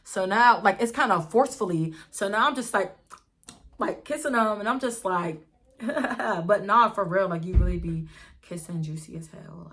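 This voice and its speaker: A young woman vlogger telling a storytime in a chatty, animated way, talking straight to her viewers. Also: medium pitch. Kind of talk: casual storytime.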